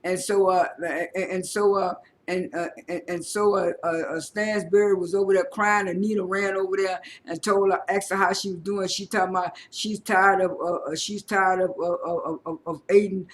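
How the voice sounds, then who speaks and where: Man, high voice, casual show recap, halting, lots of uh and repeats. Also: little pitch movement, fairly bright tone. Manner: halting, many fillers and repeated words.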